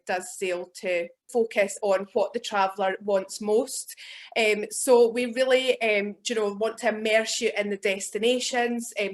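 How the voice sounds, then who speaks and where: A Scottish woman presents cruise features over a video call. She sounds upbeat and friendly, filling her sentences with quick "um"s. Her voice sits in an ordinary middle pitch. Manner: upbeat, lots of "um" fillers. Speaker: cruise line representative. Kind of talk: virtual event sales presentation.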